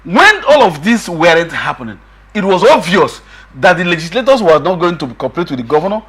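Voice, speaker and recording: Middle-aged male guest, husky, high and animated, emphatic and insistent. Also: brisk. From Nigeria. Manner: emphatic, repeats himself, quotes others in raised voice. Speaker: political guest. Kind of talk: animated political discussion.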